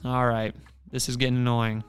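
A man's voice: medium pitch, flat delivery, normal speed, smooth, soft background music, natural voice. A man voicing a stern male fox, spoken plainly in a laid-back way as part of a story he is telling.

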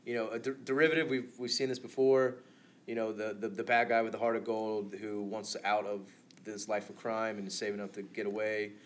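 A man's voice: on the low side, flat delivery, brisk, a little hiss or hum. A man co-hosting a casual movie podcast, loose and swearing, laughing often. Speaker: podcast co-host.

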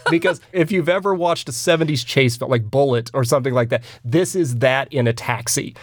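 A man hosting a podcast, recapping a film in casual, animated talk and acting out its lines in put-on voices. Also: medium pitch, a little fast, no echo, studio quality. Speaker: podcast host.

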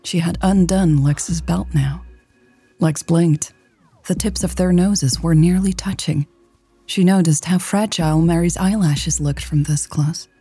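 A woman narrates a romance story in a soft, hushed, unhurried voice. Her tone is low and dark, with a gravelly edge. Faint music plays behind her. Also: no room sound.

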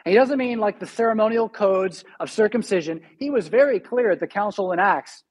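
Husky-voiced man preaching a sermon. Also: high-pitched, animated. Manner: conversational preaching, reads scripture slowly and emphatically. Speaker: pastor.

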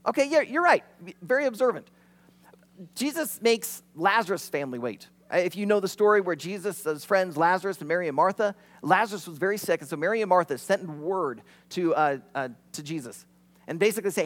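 A man preaching a sermon with a high voice that swings widely in pitch. His delivery is animated, and he acts out the quotes he tells. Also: brisk. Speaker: pastor.

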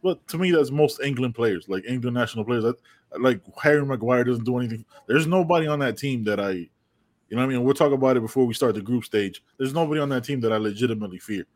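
A man from the United States co-hosting a casual sports podcast, rambling and animated, swearing freely. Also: mid-range voice, fast. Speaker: podcast co-host.

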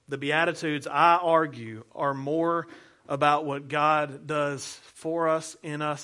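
A man's voice: a little high, fairly bright tone. A male pastor preaching a sermon in an earnest, conversational way, asking the congregation rhetorical questions.

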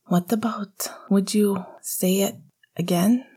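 A woman voicing a tender, guarded young man in a hushed, halting whispered role-play. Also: medium pitch, steady tone, slightly rough.

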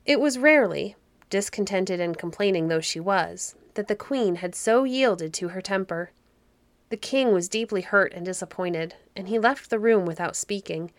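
A woman narrating a fairy story for a podcast in a soft, cozy, unhurried manner. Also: mid-range voice, dry recording.

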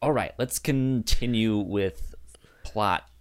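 A man's voice: on the low side, takes it slowly. A man podcast co-host casually responding, with short easygoing replies. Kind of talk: casual chat, listening.

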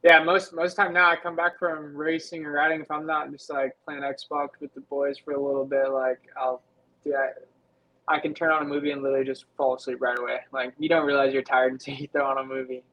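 Relaxed young male guest, slightly high. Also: a little fast, muffled recording. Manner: relaxed, casual with filler words. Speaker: guest, racer. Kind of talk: casual chat.

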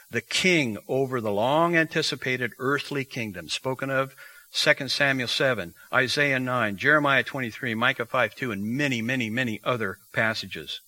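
Male preacher, bright clear tone, explains scripture line by line, dry close recording. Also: mid-range voice, no room sound, rough recording. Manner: teaching verse by verse, reading scripture aloud. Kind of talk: expository sermon.

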